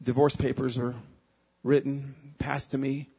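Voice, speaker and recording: A man giving a sermon as a guest speaker, telling a personal story with emotion, moving between hushed and loud, pleading passages. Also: medium pitch, level tone, a little slow, creaky, slightly rough, muffled recording.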